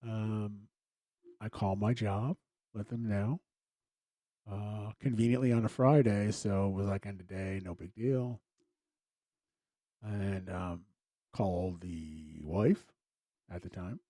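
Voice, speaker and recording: A man's voice: on the low side, steady tone, takes it slowly, long pauses, warm tone, dry recording. A man hosting a podcast, telling a personal story in a casual, rambling way with wry, self-deprecating humor. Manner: rambling, with frequent fillers and restarts. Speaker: podcast host.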